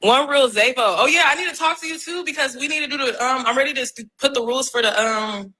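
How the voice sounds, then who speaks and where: A woman's voice: high-pitched, fast, sharp tone, rough recording. A defiant young woman ranting profanely on a phone livestream, repeating herself often. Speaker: reality TV personality on a livestream.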